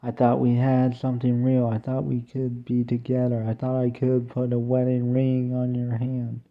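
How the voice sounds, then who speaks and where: A young man performing a homemade song, half sung and half spoken, in a plaintive, drawn-out way. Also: medium pitch. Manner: plaintive, slow, mostly flat talk-singing with drawn-out "ooh" cries. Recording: tinny phone-like recording.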